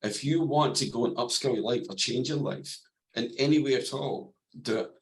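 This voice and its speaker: A man guesting on a podcast as an NLP coach, calm and plain-spoken, explaining ideas through simple stories. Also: medium pitch, moderate pace, rough recording. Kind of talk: podcast interview, explaining and storytelling.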